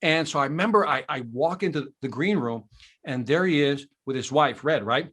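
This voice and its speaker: A man telling a story as a guest on a podcast, animated and enthusiastic, in casual conversation. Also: on the high side, moderate pace. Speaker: podcast guest, sales trainer.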